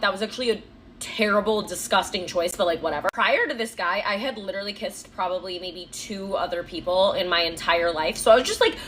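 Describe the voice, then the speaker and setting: A woman's voice: mid-range voice, a bit bright, a little hiss or hum. A woman telling a candid personal story in a chatty, filler-heavy way. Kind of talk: casual storytime monologue.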